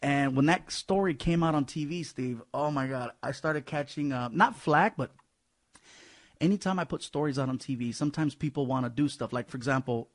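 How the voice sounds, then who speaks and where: A man, a comedian being interviewed, telling stories in an animated, fast-talking way. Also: mid-range voice. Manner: animated, fast-talking storyteller with lots of laughs. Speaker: comedian guest. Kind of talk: storytelling interview.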